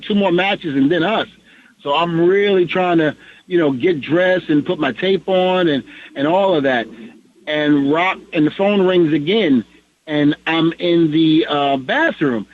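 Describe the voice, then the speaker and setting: A middle-aged man tells a story on a podcast in an animated, chatty way and voices the people in it. His voice sits fairly high for a man, and the recording is dull and muffled. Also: unhurried. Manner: animated, acts out the dialogue in his stories. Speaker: podcast co-host. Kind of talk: casual storytelling.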